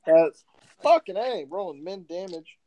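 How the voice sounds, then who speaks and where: A man running a tabletop game as dungeon master, narrating in an animated way and laughing often. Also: high voice, a little slow, lo-fi sound.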